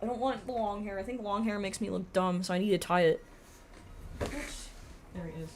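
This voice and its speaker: A woman in her thirties streaming live, chatting casually with viewers, swearing freely and bursting into loud excited greetings. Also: mid-range voice, fast talker, slight background noise.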